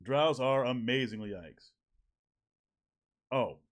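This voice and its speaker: A man's voice: mid-range voice, animated, slow. A man streaming from home, chatting casually with viewers, joking, swearing and laughing often. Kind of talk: casual live-stream chat reacting to viewers. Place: home at evening.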